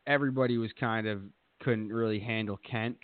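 A man's voice: fairly low pitch, steady tone, brisk, clear, resonant tone, no echo. A man hosting a podcast, telling a rambling, profane story in a boastful casual way. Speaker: podcast host. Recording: tinny phone-like dry sound.

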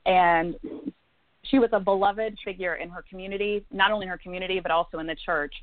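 A woman's voice: lowish voice, fairly even intonation, fast, no echo. A woman from Indiana, a psychic medium guest, telling a personal story in an interview with fillers and laughs. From Indiana, USA. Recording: tinny phone-like line, dry.

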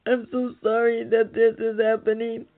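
A woman's voice: fairly high pitch, completely flat delivery, normal speed. A woman relaying a prophetic message in an earnest, tearful, pleading way. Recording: tinny phone-like recording.

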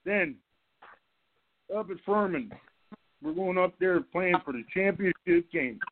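Animated male coach on a phone line. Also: high-pitched, takes it slowly, dry recording. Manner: animated storyteller, acts out quotes, laughs along. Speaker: former football coach, guest caller. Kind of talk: telling anecdotes on a call-in show. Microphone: telephone.

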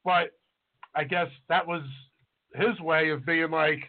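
A man's voice: on the high side, fairly even intonation, slow. A man, a cook and podcast co-host, chatting casually and telling stories from past kitchen jobs. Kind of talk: casual chat. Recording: tinny phone-like audio.

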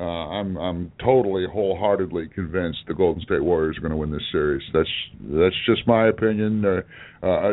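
A man co-hosting a sports talk show in casual chat, halting with many fillers and restarts. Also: lowish voice. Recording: tinny phone-like audio.

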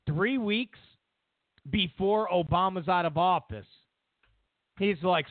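A man's voice: high voice, slow, long pauses, no room sound. A man hosting a talk show, delivering a sarcastic, mocking political rant. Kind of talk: political commentary monologue. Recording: tinny phone-like dry sound.

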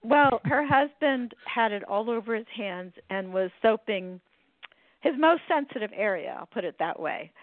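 A woman hosts a podcast and tells funny stories in an animated, chatty way, laughing along with her own punchlines. Her voice comes through narrow and phone-like. The sound is dry and close. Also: a little high, normal speed, no room sound. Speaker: podcast host.

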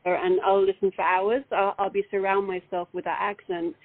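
British actress on a tinny call line. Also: female voice, medium pitch, moderate pace. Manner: animated, laughing, many restarts. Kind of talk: casual interview chat. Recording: phone-like call audio.

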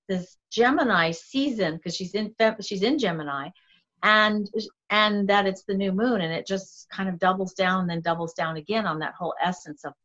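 A middle-aged woman talking through a shamanic practice in a casual, earnest way, often restarting her sentences. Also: medium pitch. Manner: earnest, animated, self-correcting speech. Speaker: shamanic guest. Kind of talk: casual conversation. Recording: dull lo-fi audio.

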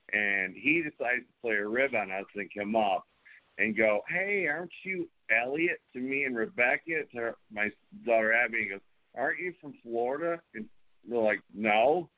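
A middle-aged man hosts a wrestling show, his lowish, expressive voice at a moderate pace coming through a tinny, phone-like line. He chats casually, swaggering like he's cutting a promo and addressing people as brother.

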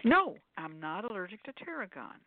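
A woman co-hosting a radio call-in show, chatty and quick to laugh, often going off on tangents. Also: medium pitch, big pitch swings, no echo. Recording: dry phone-line audio.

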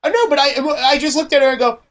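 A man from New Jersey hosting a podcast, chatting casually and telling blunt, profane stories with animated quoted voices. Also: very high voice, very fast. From New Jersey, USA. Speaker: podcast host. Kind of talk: casual chat.

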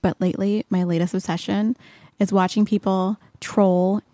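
A woman's voice: medium pitch, normal speed, no room sound. Chatty lady cohost going like like like, dry close sound, mid voice. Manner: chatty, lots of "like" fillers, animated storytelling. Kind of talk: casual chat.

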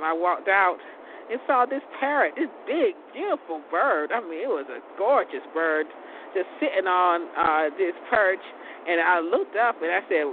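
Woman host, rambling solo monologue, stumbles and repeats herself, phone-quality sound with loud noise behind. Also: fairly low pitch. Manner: rambling, repeats words and restarts often. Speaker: show host. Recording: tinny phone-like audio with loud background noise.

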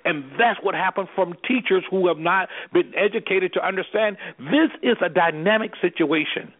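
A man's voice: high voice, normal speed, few pauses, phone-quality sound. A man working as an anger management specialist, talking as a guest on a radio interview in an impassioned, preacherly way, firing off rhetorical questions.

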